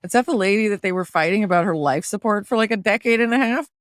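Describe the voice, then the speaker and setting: A woman hosting a podcast in casual chat, playful and animated, often jumping higher in pitch while joking. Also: fast talker, no echo, clean studio sound. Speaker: podcast host.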